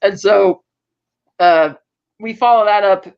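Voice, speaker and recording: Podcast co-host, casual episode recap, rambling, acted-out quotes, middling pitch, dull lo-fi audio. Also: takes it slowly, creaky, clear, resonant tone. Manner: animated, acts out characters' lines in quotes; rambling with frequent fillers and self-corrections.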